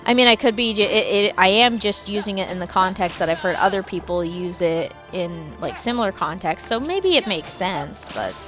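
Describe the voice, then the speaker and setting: A woman's voice: medium pitch, expressive, normal speed, hardly any pauses, a bit bright, faint music behind. A woman streaming a game and chatting casually with her viewers, rambling, swearing freely and often correcting herself mid-sentence. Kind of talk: casual live-stream chat while gaming.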